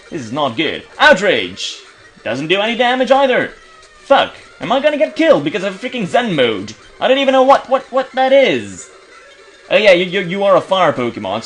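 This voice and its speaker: A young man from Belgium narrates a video game in casual commentary, quick to swear when things go wrong. His voice jumps up and down in pitch, a bit on the high side, and soft game music plays underneath. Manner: frustrated, swearing, reads game text aloud in silly voices. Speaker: let's play commentator.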